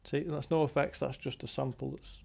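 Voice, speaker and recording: A man with a gravelly, creaky edge to his voice talks through a hobby synth tutorial. He meanders as he goes, thinking aloud and filling pauses with ums. His pitch sits in an ordinary middle range for a man. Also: level tone, darkish tone. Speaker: synth hobbyist demonstrating gear. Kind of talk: casual tutorial walkthrough.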